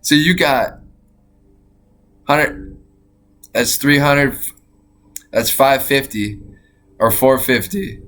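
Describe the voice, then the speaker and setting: A young man streaming, reacting out loud in casual chat, profane and excitable, laughing often. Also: mid-range voice. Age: young adult.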